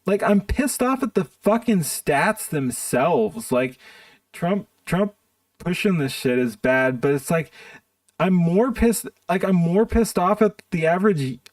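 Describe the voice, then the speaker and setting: A man's voice: high-pitched, lively intonation, a little slow, no echo, recorded from a distance. A man streaming live, ranting in a profane, exasperated way while reacting to videos. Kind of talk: casual stream commentary.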